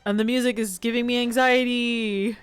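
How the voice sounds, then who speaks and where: A woman's voice: on the high side, steady tone, moderate pace, clean tone, soft background music. A woman streaming a video game live, chatting to her viewers and playfully whining and pleading at the game with frequent laughs. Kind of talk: live gameplay stream commentary.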